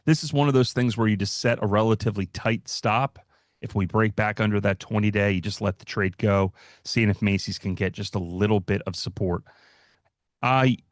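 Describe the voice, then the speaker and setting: A man with a fairly low voice talks through stock charts on a livestream, loose and conversational, with fillers and restarts. The sound is dry and close, with almost no room behind it. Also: no room sound. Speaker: market analyst host. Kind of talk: livestream market commentary.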